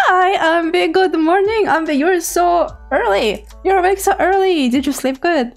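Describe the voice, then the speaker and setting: A young woman streamer chatting casually with her live chat, giggling often, her throat a little hoarse. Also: extremely high pitch, normal speed, few pauses, soft background music. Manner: giggly, laughs often, playful.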